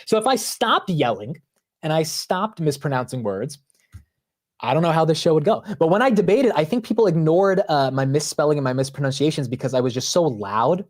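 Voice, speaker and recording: A man hosting a live market stream, talking loudly and animatedly in casual commentary, often poking fun at himself. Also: a little high, a little fast. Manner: loud, animated, self-mocking. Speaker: livestream market show host.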